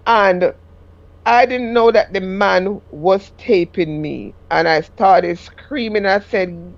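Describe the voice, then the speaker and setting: A woman's voice: medium pitch, unhurried, no echo, highs cut off. A middle-aged woman with a Jamaican accent, a caller telling a personal story in rambling casual speech that rises sharply when she quotes herself.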